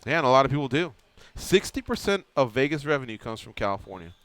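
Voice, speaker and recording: A man's voice: medium pitch, fast talker, clear, resonant tone, no echo. A man hosting a radio show, telling a long anecdote in casual chat and acting out the quotes. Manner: animated storyteller acting out quotes. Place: radio studio.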